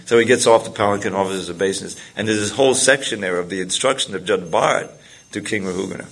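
A man's voice: lowish voice, fast, vocal fry, fairly bright tone, slight background noise. A man telling a scripture story in a rambling way, with many restarts and chuckles. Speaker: spiritual teacher. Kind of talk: storytelling talk to a group.

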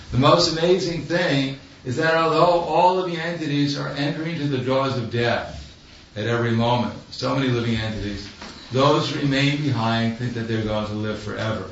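A man's voice: medium pitch, moderate pace, a bit bright, lo-fi sound, a little hiss or hum. Brief: male preacher, wry anecdotal sermon, far from the mic in a big echoey hall. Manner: wry, anecdotal, chuckles at his own jokes. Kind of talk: storytelling sermon.

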